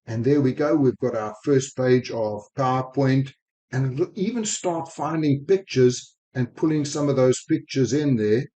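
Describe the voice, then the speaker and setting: This man speaks with an accent blending South African, Spanish and American sounds, and he rattles through a software demo with eager enthusiasm. His tone is mellow and his pitch is mid-range for a man. He talks into a desk microphone while recording his screen. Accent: mixed South African, Spanish and American. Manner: quick, enthusiastic talk. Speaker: sales technology speaker.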